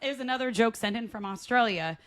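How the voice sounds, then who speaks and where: A woman's voice: a little high, fast talker. A woman in her thirties co-hosting a podcast in casual chat, blunt and crude in her joking, laughing often. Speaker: podcast co-host.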